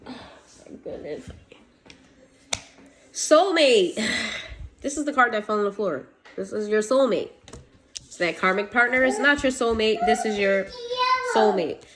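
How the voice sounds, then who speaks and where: A woman's voice: mid-range voice, moderate pace, a bit bright, a little hiss or hum. A woman giving a casual tarot reading to her viewers, blunt and swearing, laughing now and then. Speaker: tarot reader.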